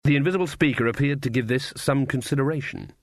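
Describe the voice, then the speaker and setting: A man narrating a comic fantasy audiobook in a measured, dry delivery. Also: mid-range voice, no room sound. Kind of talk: scripted narration.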